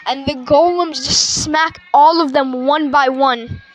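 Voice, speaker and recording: High-voiced woman rambling through a movie. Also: fairly even intonation, slow, soft background music, low-quality recording. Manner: rambling, with many fillers and restarts. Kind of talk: casual movie retelling.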